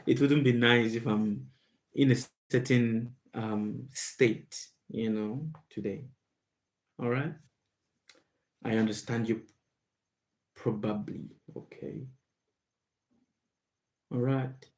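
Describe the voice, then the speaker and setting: A man hosts a live question-and-answer stream in an unremarkable mid-range voice. He speaks slowly and with heavy emphasis, repeating key words so they sink in. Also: medium pitch, fairly even intonation, darkish tone. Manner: slow, emphatic and repetitive, stressing words. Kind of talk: live Q&A monologue.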